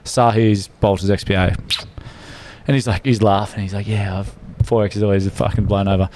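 A man's voice: lowish voice, fairly even intonation, brisk, darkish tone, a little hiss or hum. A young Australian man, a podcast co-host, telling a crude story in a casual chat and acting out the dialogue. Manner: crude, laid-back storyteller, acts out dialogue.

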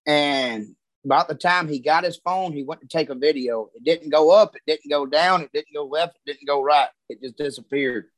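Swearing man, fairly high voice. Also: moderate pace, no echo, poor audio. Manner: drawling, heavy swearing, Southern grammar. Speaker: guest telling a story. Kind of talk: casual profane storytelling.

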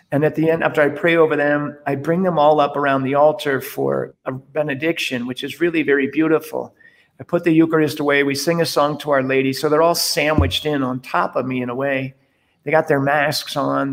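Animated priest telling a story. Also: male voice, on the high side. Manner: animated storyteller, acts out dialogue. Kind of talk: interview conversation.

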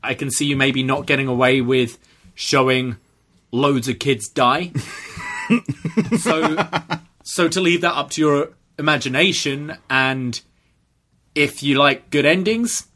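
A man's voice: mid-range voice, slow, long pauses, bright, forceful tone. A man co-hosting a casual movie review podcast, chatty and chuckling between thoughts. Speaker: podcast co-host.

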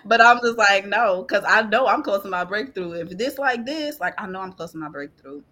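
A woman guest on a podcast, sharing a personal faith testimony in an animated, laughing, tearful storytelling way. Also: medium pitch, a little fast. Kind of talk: testimony in casual chat.

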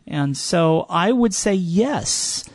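Talkative man with a bright, dry voice. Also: high-pitched, animated, slow, no echo. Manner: rambling storyteller, fillers and restarts. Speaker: guest, gondola company owner. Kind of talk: casual podcast chat.

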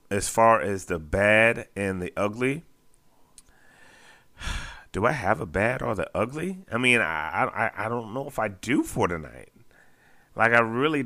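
Chatty man with a bright, smooth voice. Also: lowish voice, no room sound. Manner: chatty, repeats phrases, chuckles often. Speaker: basketball fan show host. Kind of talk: casual post-game recap.

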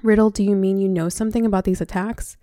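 A woman reading aloud as a kindly old male wizard headmaster who speaks gently and sympathetically. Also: medium pitch, steady tone, fast, no echo, clean studio sound, natural voice.

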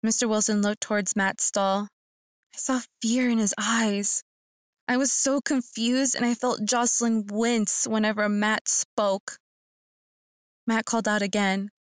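A woman's voice: mid-range voice, steady tone, measured pace, clean tone, dry recording. A woman narrating a first-person horror story in a tense, earnest manner.

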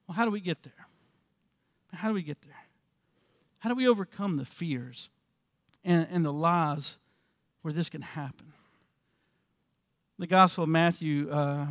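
A man in his fifties with a fairly high voice delivers an earnest church sermon. He asks the congregation rhetorical questions and often repeats words as he goes. The sound is dry and close, with almost no room echo. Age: 50s. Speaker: pastor.

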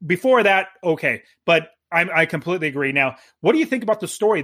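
A man chatting casually as co-host of a movie review, animated and often stammering and restarting his sentences. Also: sits high, fast, few pauses.

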